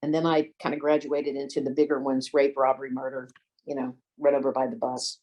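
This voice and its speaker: Older woman, low voice, lawyer, folksy anecdotes, interview storytelling. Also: flat delivery, a little fast, mellow, rough recording. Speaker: lawyer and former detective.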